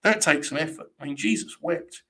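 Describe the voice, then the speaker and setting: A young man talks casually through a live stream, blunt and sarcastic, with plenty of swearing. His voice sits a little high for a man. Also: a little fast, fairly bright tone. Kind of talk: casual live commentary on wrestling.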